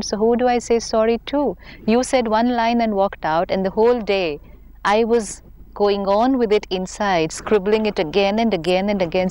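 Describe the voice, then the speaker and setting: Indian woman, spiritual teacher, calm explanatory conversational delivery. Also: fairly high pitch. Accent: Indian English. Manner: patient, explanatory, gently emphatic.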